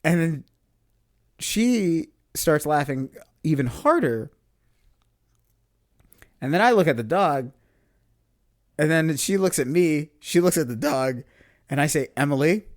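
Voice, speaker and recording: A man's voice: on the high side, takes it slowly, pauses often. Laughing man telling a story. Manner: animated, laughs between lines. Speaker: podcast host. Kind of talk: casual storytelling.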